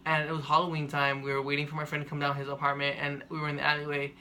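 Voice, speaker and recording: A young man telling a personal story to camera in a monotone, rambling way with lots of fillers. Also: on the high side, very fast, slight background noise. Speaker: vlogger.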